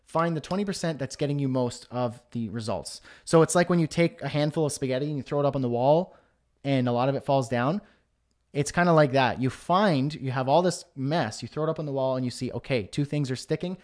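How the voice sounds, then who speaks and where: A man's voice: medium pitch, a little fast, darkish tone. A man hosting a live-streamed business workshop, coaching emphatically with many rhetorical questions. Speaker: host.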